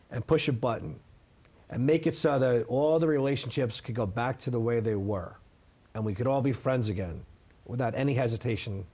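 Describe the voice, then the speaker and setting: A man's voice: mid-range voice, a little mellow, husky. A middle-aged man giving a sit-down interview, telling his side of a story emphatically and often adding "okay?" to drive points home. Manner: emphatic, repeats "okay?" for effect. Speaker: interview guest.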